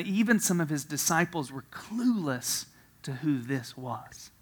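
A man preaching a sermon, telling a story with frequent laughter, swinging from quiet asides to loud emphasis. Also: on the high side. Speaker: pastor.

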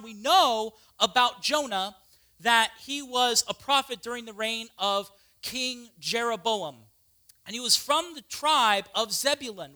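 A preacher delivers an animated sermon in a chatty, down-to-earth way, tossing in casual asides. The voice is very bright and cutting. The pitch rises and falls in a lively way.

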